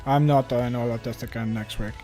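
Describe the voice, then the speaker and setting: A man putting on a gruff Finnish accent. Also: mid-range voice, fairly even intonation, fairly quick, music in the background, voice pushed down, close to an everyday voice. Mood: grumbling. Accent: Finnish (put on). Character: Finnish racing driver impression, grumbling man.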